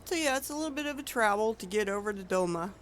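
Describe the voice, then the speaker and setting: A woman's voice: mid-range voice, lively intonation, fast, slight background noise. A woman streaming an online game, chatting casually and rambling with frequent self-corrections. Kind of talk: casual gameplay commentary.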